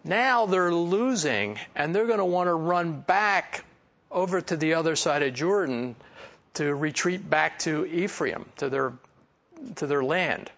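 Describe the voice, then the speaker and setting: Man, Philly accent, gravelly voice, slightly high, casual Bible teaching, chatty asides. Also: animated, unhurried, a bit bright. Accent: Philadelphia. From Philadelphia area. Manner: conversational, with asides and fillers. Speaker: pastor.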